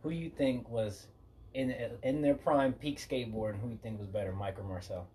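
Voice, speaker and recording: A man hosting a podcast, telling loose, profane stories in a casual, animated way. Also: medium pitch, normal speed, a little hiss or hum. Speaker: podcast host.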